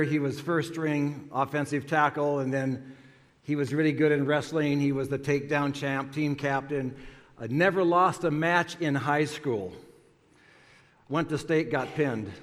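An older man, a pastor, giving a chatty, folksy sermon full of stories and fillers. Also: a little high. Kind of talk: sermon with jokes. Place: church sanctuary. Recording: long church reverb.

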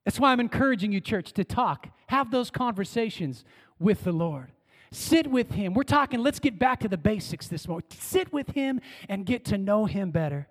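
A male pastor preaching a sermon in a church, trading calls and responses with the congregation and swinging from emphatic lines to hushed ones. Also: high-pitched, animated, normal speed. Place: church sanctuary. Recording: long church-hall reverb.

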